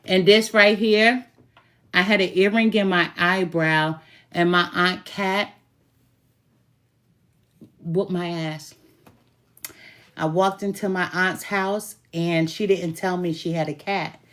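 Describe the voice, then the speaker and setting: Her voice is on the low side yet fairly bright, and she speaks slowly and steadily, pausing often. A self-described good witch, she reads tarot casually to camera, laughing, chatting, and swearing now and then as she shares stories.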